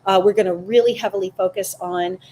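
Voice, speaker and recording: A woman hosting a casual psychic live stream, animated and chatty, greeting viewers by name. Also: mid-range voice, a little fast, a little hiss or hum. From Canada. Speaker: psychic livestream host.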